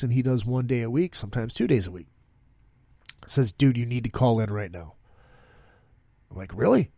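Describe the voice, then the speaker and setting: A man's voice: mid-range voice, creaky, darkish tone, no room sound. A man hosting his own podcast, talking casually in an upbeat, rambling way with plenty of fillers. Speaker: podcast host. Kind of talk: casual solo podcast monologue.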